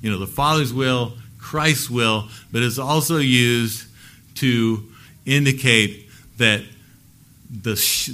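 A male pastor preaching a Sunday sermon, earnest, lifting his voice for emphasis and letting phrase ends fall soft. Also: lowish voice.

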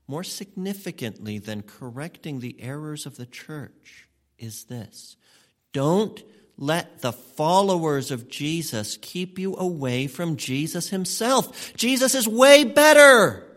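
Male pastor, slightly high-pitched, preaching an emphatic sermon. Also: sing-song, fairly bright tone. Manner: emphatic preaching, speeds up and slows down for stress.

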